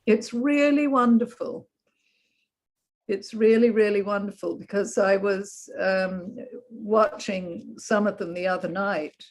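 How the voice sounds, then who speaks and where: A woman taking part in a video call chat. She talks very slowly and deliberately. Her praise is enthusiastic and effusive. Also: medium pitch. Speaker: participant. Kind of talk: casual chat.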